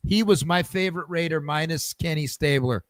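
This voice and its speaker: A man hosting a casual podcast, his voice sitting a little high. He tells stories eagerly, stumbling over restarts and repeated words. The sound is dry and close. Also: moderate pace, dry recording. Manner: lively storyteller, many restarts and repeated words. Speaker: podcast host. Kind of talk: casual chat.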